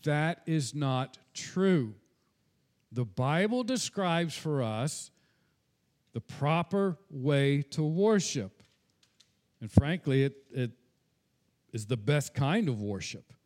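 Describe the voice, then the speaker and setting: A man's voice: on the high side, lively intonation, slow pace, pauses often, a little mellow. A pastor preaching a sermon in an earnest tone, slipping into casual asides and repeating words when he speaks off the cuff.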